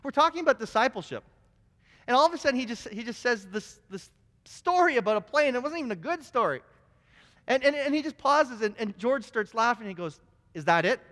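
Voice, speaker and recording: A man preaching a sermon, telling stories in an animated way with frequent restarts. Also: extremely high pitch, a little fast. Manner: storytelling, animated, many restarts. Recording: long hall reverb.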